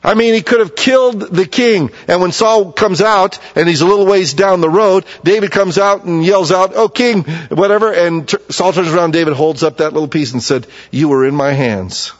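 A man's voice: high-pitched, moderate pace, few pauses. A man preaching a sermon, reading scripture aloud and breaking off to explain it in plain, emphatic asides. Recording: dull lo-fi sound with long hall reverb.

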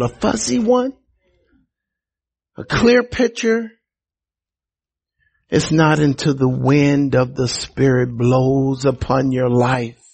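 A man's voice: on the high side, vocal fry, slightly rough. A male pastor preaching a sermon, emphatic and repetitive, with teasing asides to the congregation. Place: church sanctuary.

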